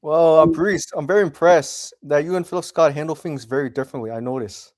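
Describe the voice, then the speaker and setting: A man's voice: a little high, a little fast, darkish tone, no room sound, studio quality. A man chatting casually on a livestream, asking questions and repeating himself.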